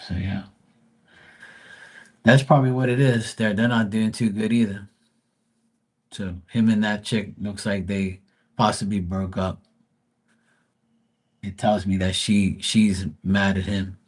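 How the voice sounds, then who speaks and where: A man reads tarot on a casual live stream and drifts into loose, joking chatter full of swearing. His voice is low and slightly husky, and he tells stories in a relaxed, rambling way. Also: a little slow, pauses often.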